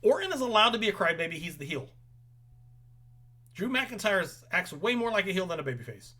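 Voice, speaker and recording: A man's voice: sits high, big pitch swings, a little fast, sharp tone. Opinionated man recapping wrestling. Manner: opinionated, rambling with frequent ums. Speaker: podcast host. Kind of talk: casual wrestling recap chat.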